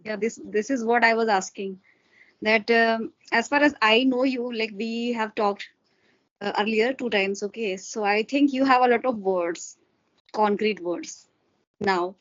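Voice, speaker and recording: A woman's voice: a little high, unhurried, a bit bright. Encouraging woman on a muffled call. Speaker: conversation partner. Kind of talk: casual conversation practice.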